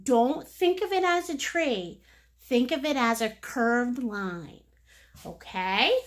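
High, bubbly silly painting teacher woman. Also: big pitch swings, slow, a bit bright. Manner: silly, joking, encouraging; chatty, endearing pet names. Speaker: painting instructor. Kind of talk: live painting lesson.

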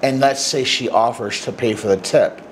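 A man's voice: medium pitch, moderate pace, a little hiss or hum, low-quality recording. A middle-aged man, a dating coach, giving blunt, emphatic advice to men straight to the camera and acting out little bits of dialogue. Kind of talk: direct-to-camera advice talk.

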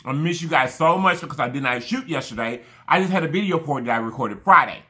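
A man's voice: a little high, lively intonation, quick pace, pushed and bright. A man chatting casually to camera while eating, effusive and rambling, thanking his viewers again and again. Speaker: mukbang vlogger.

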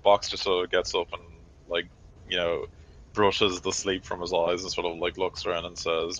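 Deep-voiced male game master. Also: completely flat delivery, moderate pace, fairly bright tone, slight background noise, low-quality recording. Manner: loose, filler-heavy narration. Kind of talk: narrating a tabletop game.

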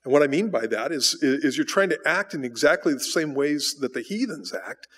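A man's voice: fairly high pitch, lively intonation, normal speed, fairly bright tone, slightly rough, in a large hall. A male pastor giving a conversational sermon, asking rhetorical questions and repeating words as he rephrases, recorded in a church sanctuary. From United States.

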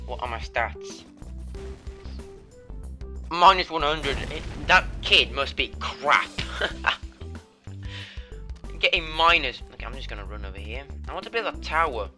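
A man's voice: medium pitch, pushed and bright. A teenage boy commenting on his own gameplay, screaming and raging at the game. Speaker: gaming channel host. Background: faint background music.

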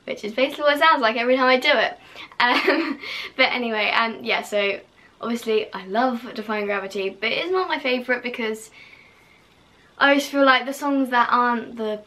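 A woman's voice: a little high, fairly quick, bright, forceful tone. A young woman vlogging casually to camera, gushing and full of fillers, now and then dropping to a whisper.

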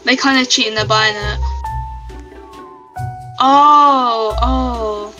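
A woman's voice: on the high side, fairly even intonation, very slow, over music, rough recording. A woman live-streaming a game, chatting casually and giggling as she reads out her chat.

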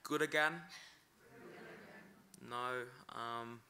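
A man's voice: medium pitch, steady tone, pushed and bright, a little hiss or hum. A man teaching pronunciation at a conference, breaking each word into syllables. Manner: slow, breaks words into syllables. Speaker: language teacher.

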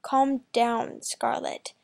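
A woman voicing a soft-spoken teenage boy killer in a hushed, half-whispered voice, read from a story. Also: a little high, flat delivery, drawn-out words, vocal fry, heavily acted.

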